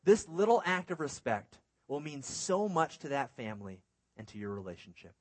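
A man's voice: a little high, sing-song, normal speed, no room sound. A young man preaching a sermon to a youth church, earnest and conversational with humorous asides. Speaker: youth pastor.

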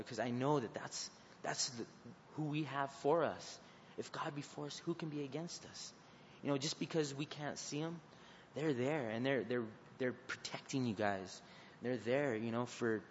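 A youth preacher delivers an informal sermon and prayer to students, halting and earnest, often stopping and starting over. His ordinary-pitched voice sounds slightly dull and muffled, trailed by long reverb in a large hall over faint underlying noise.

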